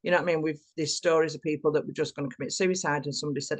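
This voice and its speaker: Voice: mid-range voice, steady tone, very fast. A podcast co-host with a mid-range voice reflects aloud in an encouraging way. The speech is loosely structured and often ends on rhetorical tag questions that invite agreement. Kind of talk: supportive conversational reflection.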